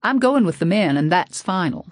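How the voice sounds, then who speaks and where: Storybook figure: proud, stubborn teen girl, flat and clipped, as a woman reads her. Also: fairly low pitch, normal speed, no echo, studio quality. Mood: defiant. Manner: defiant, clipped.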